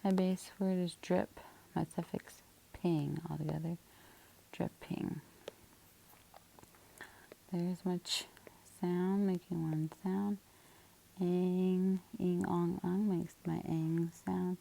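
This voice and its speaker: A woman's voice: lowish voice, little pitch movement, slow, gravelly, pauses often, warm tone, low-quality recording. A woman teaching a spelling lesson, walking through words patiently and methodically, step by step.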